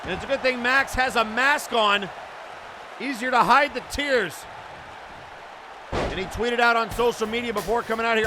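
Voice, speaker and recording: A man calling play-by-play for an online wrestling show, excitable and bursting into frantic shouting at big moments. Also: very high voice, normal speed, long pauses. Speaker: wrestling commentator. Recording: loud music and crowd noise behind.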